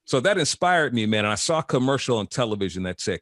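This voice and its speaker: A man in his fifties from Chicago, a veteran radio host telling his story as an interview guest, animated and expressive. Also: on the low side, quick pace, few pauses, no echo, clean studio sound. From Chicago, USA. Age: 50s. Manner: animated storyteller, voice jumps up when excited.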